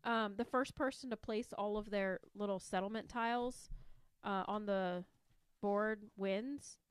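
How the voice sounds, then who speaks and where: A woman's voice: medium pitch, steady tone, a little slow, clean tone, dry recording. A woman co-hosting a podcast, chatting enthusiastically about a board game and rambling a little. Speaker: podcast co-host. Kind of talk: casual board game chat.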